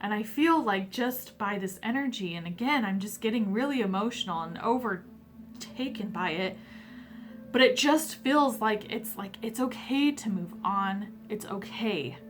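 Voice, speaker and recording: A woman reads tarot cards aloud in an unhurried, drawn-out way, her pitch sitting in an ordinary middle range. She sounds emotional and hesitant, leaning on fillers as she softly voices messages from the other side. Faint music plays behind her. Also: lively intonation. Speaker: tarot card reader. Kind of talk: pick-a-card tarot reading.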